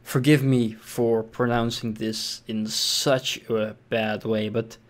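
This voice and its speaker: A man's voice: mid-range voice, takes it slowly. Man giving casual tank game commentary. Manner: relaxed, thinking aloud with fillers and restarts. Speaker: gameplay commentator.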